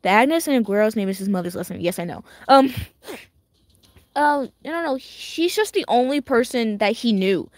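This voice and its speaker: Casting note: a rambling, giggly woman gamer with a bouncy, fairly high voice and a dry, close sound. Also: animated, moderate pace, darkish tone, no room sound. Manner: rambling, full of "like" and restarts, giggly. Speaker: gaming video creator. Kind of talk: casual rambling chat while playing a game.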